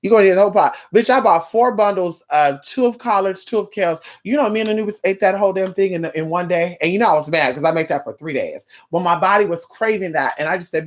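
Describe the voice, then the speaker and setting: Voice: mid-range voice, fast talker, hardly any pauses. A spiritual worker talking straight to camera in a casual vlog, blunt and profane, now and then acting out the clients in little voices.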